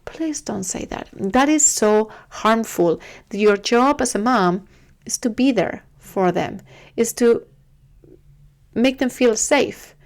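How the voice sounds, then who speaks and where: A woman's voice: a little high, takes it slowly, vocal fry. Earnest woman giving parenting advice. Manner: earnest, repeats herself, gentle pleading. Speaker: parenting video host. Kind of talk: casual advice talk to camera.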